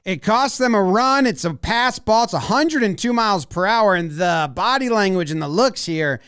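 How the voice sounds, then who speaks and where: Brief: high, bouncy male sports analyst, dry close mic, playful. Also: lively intonation, normal speed, a bit bright, clean tone, dry recording. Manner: playful, acting out the players. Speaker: baseball video analyst. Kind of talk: animated commentary over game footage.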